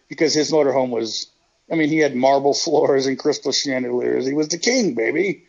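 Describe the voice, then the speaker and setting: A man's voice: mid-range voice, a little fast, gravelly, breathy edge, muffled recording. A man rambling through profane stories in a casual interview, laughing as he goes. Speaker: guest, retired pro wrestler.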